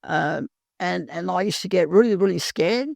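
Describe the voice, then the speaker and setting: A woman's voice: lowish voice, moderate pace, vocal fry, a little mellow, no echo, studio quality. A woman earnestly telling her own recovery story in a plain-spoken way. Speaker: guest sharing recovery story. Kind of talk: personal storytelling.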